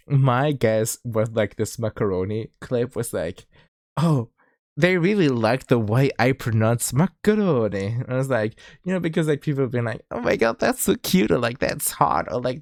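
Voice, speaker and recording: Speaking on the low side, a streamer with a German accent and a slight lisp chats casually, animated and giggly and full of "like." His streaming mic captures studio-quality sound with no room noise.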